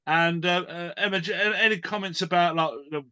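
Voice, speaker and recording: A man hosting an event panel, enthusiastic and halting, with many fillers. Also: high-pitched, steady tone, bright, forceful tone, smooth, highs cut off. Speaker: host.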